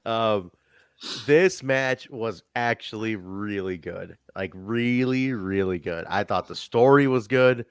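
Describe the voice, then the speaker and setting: A man co-hosting a casual podcast that reviews wrestling shows. He talks in an animated way, swears freely and acts out quotes. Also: on the low side, slow pace, clean tone, no echo, clean studio sound. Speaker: podcast co-host.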